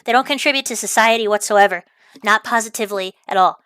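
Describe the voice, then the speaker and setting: A woman with a medium-pitched, smooth, somewhat bright voice rattles off a profane, exasperated rant as a vlogger, saying the same things over and over. She talks quickly, and the dry studio recording is clean.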